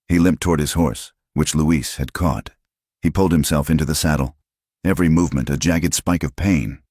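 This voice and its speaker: Very deep-voiced male narrator. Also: husky, dry recording, clean studio sound. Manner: measured, even storytelling. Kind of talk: scripted audiobook narration.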